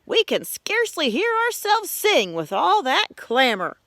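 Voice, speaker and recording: A woman's voice: sits high, wildly swooping pitch, measured pace, pushed and bright, no room sound, clean studio sound, voice pushed up, exaggerated voice. A woman voicing a pair of friendly catbirds in a storybook read-aloud, eager to help. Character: pair of chirpy helpful catbirds.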